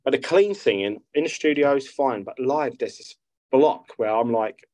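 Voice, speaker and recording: A man's voice: medium pitch, moderate pace, darkish tone, no room sound, low-quality recording. A man, chatting casually as a guest musician, rambling and swearing freely. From South London. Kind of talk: casual interview chat.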